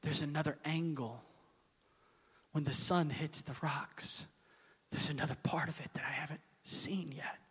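A man playing an exuberant hiker in his seventies, emphatic and low, a bit higher-pitched than most men. The voice rings with the long reverb of a large hall. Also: steady tone, measured pace, a bit bright, breathy edge, exaggerated voice. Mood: enthusiastic.

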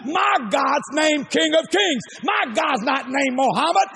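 An older man with a Cajun accent preaching a sermon, emphatic and repetitive, often shouting his lines. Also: very high-pitched, animated, unhurried, faint music behind.

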